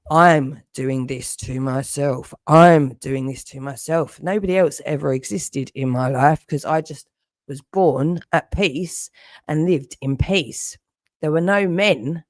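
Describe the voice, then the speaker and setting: A woman's voice: deep voice, slow pace, dry recording. Angry woman livestreamer, profane repetitive rant, close dry sound.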